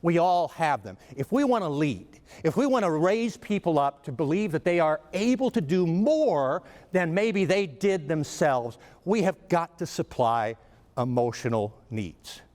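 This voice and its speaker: A man's voice: a little high, sing-song, measured pace, darkish tone. A man giving a humorous keynote speech, telling stories with comic asides. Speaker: motivational speaker. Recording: reverberant hall.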